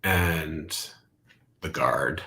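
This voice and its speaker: A middle-aged man, a Zen teacher, speaking softly and contemplatively as a podcast guest, sometimes dropping to a whisper. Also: rumbling low. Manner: slow, soft-spoken and contemplative, drifting into whispers. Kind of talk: reflective podcast conversation.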